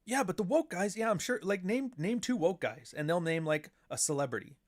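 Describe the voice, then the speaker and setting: A man's voice: high-pitched, animated, brisk. A man hosting a podcast, ranting in a casual, profane and sarcastic way. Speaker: podcast host. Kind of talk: casual livestream rant.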